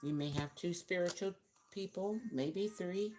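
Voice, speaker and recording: A woman with a very low voice reads tarot for her viewers in a loose, rambling way. She thinks aloud and counts out cards as she goes. Faint music plays underneath. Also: unhurried. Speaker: tarot reader. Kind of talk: casual tarot reading to viewers.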